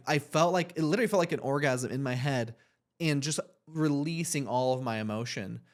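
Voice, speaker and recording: A young man co-hosting a podcast, telling a long personal story in a rambling, earnest, reflective way with many "like"s. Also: mid-range voice. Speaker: podcast co-host. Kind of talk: casual storytelling.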